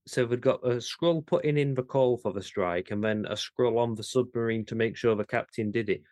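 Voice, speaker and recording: A man co-hosting a podcast in casual chat, animated and incredulous, with some swearing and restarts. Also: medium pitch, normal speed, no room sound, studio quality. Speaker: podcast co-host.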